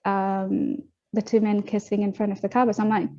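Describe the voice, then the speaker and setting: A young adult woman recounts her story as an interview guest, fast and animated, slipping into the voices of the people she quotes. Her tone is dark and mellow. The audio sounds muffled and lo-fi. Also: mid-range voice. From Australia. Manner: animated, quick retelling with acted-out quotes. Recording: dull lo-fi audio.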